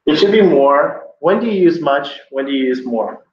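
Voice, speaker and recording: A man's voice: fairly high pitch, animated, moderate pace, slight background noise. A man teaching a grammar class, emphatic and opinionated, explaining with examples. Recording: echoey room from far off, dull.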